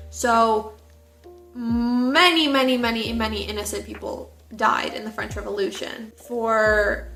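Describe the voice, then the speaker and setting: A chatty young-sounding woman talks through a book she loved, her voice bright and slightly high. She speaks animatedly, peppering her sentences with filler words. The sound bounces around an echoey room. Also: vocal fry. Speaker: book reviewer. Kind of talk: casual book review chat.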